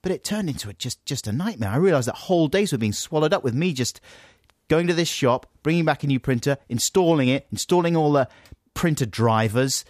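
A man's voice: on the high side, fairly quick, no echo, studio quality. A man co-hosting a radio show, chatting casually with wry, teasing humour. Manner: wry, teasing, animated storytelling. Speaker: radio co-host.

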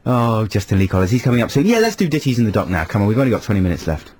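Playful radio co-host man, lively voice. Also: very fast. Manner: playful, jokey banter with lively pitch. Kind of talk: casual radio chat.

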